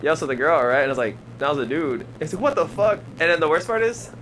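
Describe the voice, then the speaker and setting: A man's voice: fairly high pitch, sing-song, fast, fairly bright tone, soft background music, low-quality recording. Slangy young man telling a wild story. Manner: slangy, laughs often, acts out quotes. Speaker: podcast guest. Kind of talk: casual storytelling.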